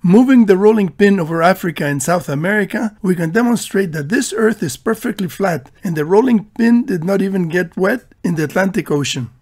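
A man with a notably high voice narrates a scripted voice-over. His delivery is dry and deadpan and keeps a tongue-in-cheek tone. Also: brisk, hardly any pauses. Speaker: video narrator.

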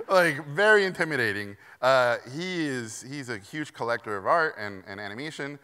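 Animated man with a bright voice. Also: on the high side, moderate pace, hardly any pauses, clean tone. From Mexico. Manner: animated, self-deprecating, acts out quoted voices. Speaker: keynote speaker. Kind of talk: conference keynote storytelling. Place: conference hall. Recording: long reverb of a large hall.

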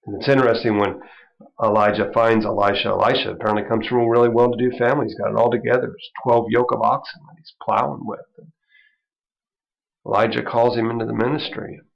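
A man's voice: medium pitch, steady tone, fast talker, vocal fry. A man, a minister, teaching an informal Bible study in a conversational way, with frequent asides and chuckles. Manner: conversational, chuckling, lots of "you know". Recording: dull lo-fi recording.

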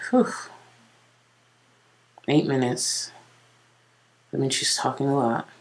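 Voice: medium pitch, slow. A reaction host giving casual, blunt and critical commentary over a clip.

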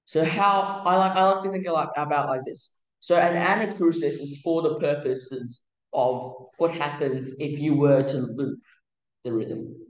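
A man teaching music theory in a casual, halting way, with many fillers and restarts. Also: on the high side, steady tone, reverberant, rough recording. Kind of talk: casual explanatory lesson.

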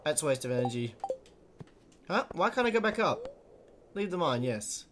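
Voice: mid-range voice, big pitch swings, normal speed, noisy background. A let's play host giving chatty, exclaiming commentary while playing, talking back to the game's characters. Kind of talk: casual gameplay commentary.

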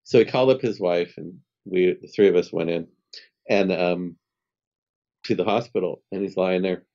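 A man in his fifties, a spiritual healer and podcast guest, telling a personal story in a lively, conversational way and acting out what people said. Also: sits low, normal speed, gravelly, highs cut off. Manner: animated storyteller who acts out dialogue and laughs often.

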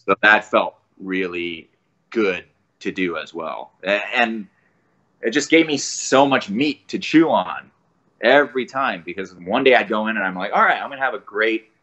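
A man's voice: fairly low pitch, measured pace, highs cut off. A man, a voice actor guest, talking enthusiastically in a casual podcast interview. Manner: enthusiastic, animated storyteller.

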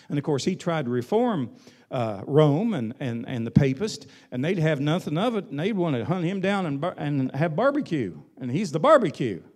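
A man's voice: on the high side, a little mellow. A male pastor preaching a sermon in an emphatic, folksy way, with colloquial asides.

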